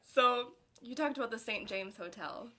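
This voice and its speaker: A woman's voice: a little high, moderate pace, bright, forceful tone. A young woman from Minnesota with a Minnesotan accent, co-hosting a casual podcast chat and laughing often. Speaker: podcast co-host.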